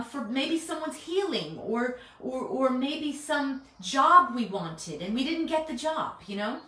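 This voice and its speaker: A woman's voice: on the high side, a bit bright, distant mic. A woman giving a conversational Bible teaching, earnest and persuasive, often checking in with her listeners. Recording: echoey room.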